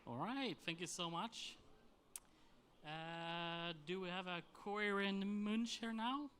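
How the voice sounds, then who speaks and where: A man hosting a convention stage event, calling up presenters in a relaxed, joking way. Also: sits high, takes it slowly, a little hiss or hum. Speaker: event host.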